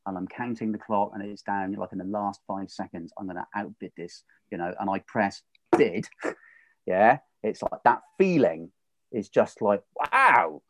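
A man in a casual podcast chat, animated and laughing often, acting out the voices he quotes. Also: on the low side, normal speed, dry recording. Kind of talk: casual conversation.

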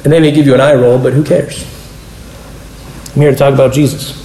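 A man's voice: mid-range voice, steady tone, fairly quick, dark tone, echoey room, a little hiss or hum, low-quality recording. A man giving a casual, conversational sermon as a pastor, explaining scripture and acting out quoted dialogue along the way. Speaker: pastor teaching a Bible study.

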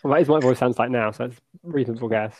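A man's voice: medium pitch, rapid-fire, darkish tone, highs cut off, a little hiss or hum. A young man chatting as a podcast guest, laid-back and self-mocking, with trailing fillers over a call. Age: young adult. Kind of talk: casual podcast chat.

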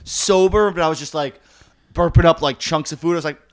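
A man in his thirties from the New York area, telling crude, lively anecdotes in a casual podcast chat. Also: fairly high pitch, fairly quick. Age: 30s.

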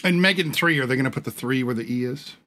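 A man's voice: mid-range voice, quick pace, bright, forceful tone. A man hosting a casual movie review panel, easygoing and steering the chat. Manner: easygoing, moderates the discussion. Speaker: podcast host.

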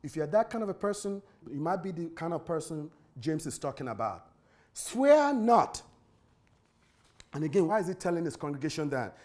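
High-voiced man preaching with emphasis. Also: quick pace, darkish tone. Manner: emphatic, repeats key words, spells out words letter by letter. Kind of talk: sermon.

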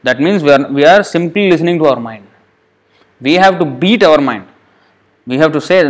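A man's voice: a little high, animated, normal speed, long pauses. A man preaching a devotional sermon, telling stories with rhetorical questions, restarts and emphatic scolding passages. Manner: scolding, emphatic tone when addressing the mind.

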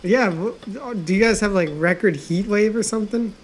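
A man's voice: sits high, moderate pace. A man co-hosting a casual podcast chat, laid-back and slangy, swearing easily. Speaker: podcast co-host.

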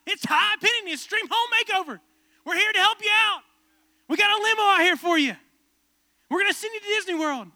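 Hyped TV makeover host, played by a man, high, bright announcer voice, dry sound. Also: fairly quick, no echo, heavily acted. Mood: excited. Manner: excited, loud, pitched-up announcer delivery.

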